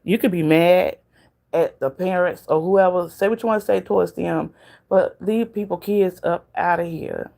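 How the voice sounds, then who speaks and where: A woman's voice: fairly low pitch, moderate pace, creaky, warm tone. A woman with a Southern US accent hosting a casual livestream, talking straight to viewers in the chat and laughing often. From Southern United States. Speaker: livestream host.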